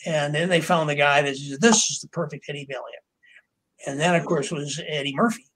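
Husky older man telling showbiz stories. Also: on the high side, brisk, fairly bright tone, low-quality recording. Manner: rambling, with many fillers and acted quotes of others. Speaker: author and interview guest. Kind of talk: anecdotal storytelling in a podcast interview.

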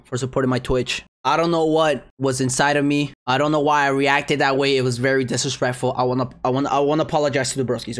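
A young man doing casual gameplay commentary as a gaming YouTuber, excitable and repetitive, swearing freely. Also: a little high.

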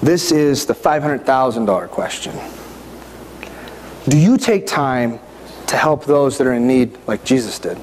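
Preaching in church, a middle-aged male pastor speaks conversationally and often asks the congregation questions. His mid-range, darkish voice has lively intonation, runs a little slow, and pauses often. The hall is reverberant, with faint background noise.

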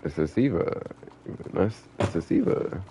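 A man's voice: low voice, lively intonation, measured pace, background noise. A young man streaming an online game, chatting with viewers in a laid-back, slangy, profane way. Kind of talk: casual live-stream chat.

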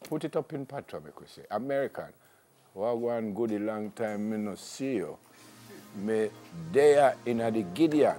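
A man's voice: on the low side, animated, moderate pace, mellow, soft background music. A Jamaican man hosting a morning TV show, joking and mocking himself as he tries out accents. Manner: joking, self-mocking, wavers in and out of put-on accents. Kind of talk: playful accent game on TV. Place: TV studio.

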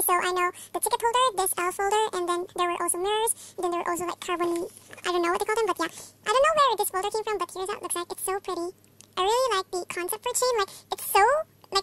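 A young woman from the Philippines chatting through a fan unboxing, gushing and excitable, with constant exclamations. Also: extremely high pitch. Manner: gushing, excitable, many oh-my-gods. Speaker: vlogger. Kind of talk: casual unboxing chat. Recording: faint background noise.

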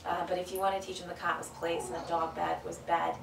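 A woman's voice: quick pace, creaky, distant mic, background noise. A woman dog trainer explaining a training exercise between upbeat commands and praise to her dog. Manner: explains calmly, then gives sharp upbeat commands and high praise to the dog. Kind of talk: hands-on training demonstration. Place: indoor room with a dog. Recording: echoey room, voice from off-mic.

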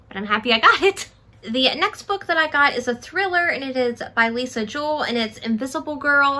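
Woman, book vlogger, casual haul chat, excitable, self-deprecating, bright sharp tone. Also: fairly high pitch.

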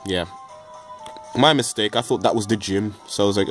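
A man's voice: sits low, lively intonation, brisk, faint music behind. A man giving casual, joking commentary over a video game, rambling with mild swearing and stammered restarts. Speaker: let's play gamer.

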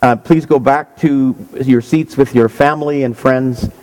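A man leading a church service, telling a children's story and guiding a congregation, gentle and a little halting. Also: mid-range voice, steady tone. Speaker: minister. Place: church sanctuary. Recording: long church reverb.

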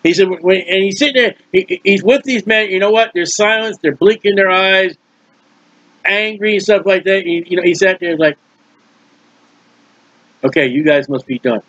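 A man's voice: high-pitched, moderate pace, fairly bright tone, no room sound. A male preacher teaching from the Bible in a conversational, emphatic way, repeating words for stress and adding folksy asides. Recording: dull, dry lo-fi recording.

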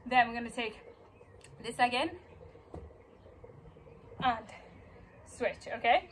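A woman's voice: on the high side, animated, unhurried, pauses often, a little hiss or hum, rough recording. Breathless woman counting dance steps. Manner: counts beats and scats moves aloud. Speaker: dance teacher. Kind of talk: dance class instruction. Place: dance studio.

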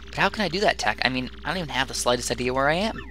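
A man's voice: medium pitch, expressive, rapid-fire, sharp tone, slight background noise, pitched above the performer's own voice. A man doing an anxious captive princess. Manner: pleading, questioning. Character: captured young princess, earnest and alarmed.

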